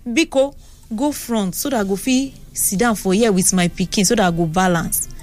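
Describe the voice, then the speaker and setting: A Nigerian woman voicing a calm young mother gently begging for a seat. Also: mid-range voice, normal speed, soft background music, natural voice. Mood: pleading.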